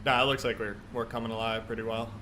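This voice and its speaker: A man's voice: mid-range voice, flat delivery, quick pace, bright, forceful tone, slight background noise. Chatty male flight sim streamer. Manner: chatty, thinking aloud through checklists. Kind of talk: casual live-stream commentary.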